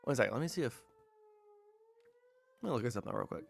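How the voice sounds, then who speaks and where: A man's voice: medium pitch, expressive, quick pace, gravelly, husky. A young man live-streaming casual chat while gaming, swearing constantly and ranting heatedly with self-mocking asides.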